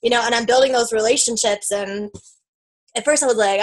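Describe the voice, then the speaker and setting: A woman's voice: on the high side, normal speed, fairly bright tone, poor audio. A woman telling her own story in a casual, emotional way, tearful at times, with lots of fillers and quoted self-talk. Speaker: team member sharing her story.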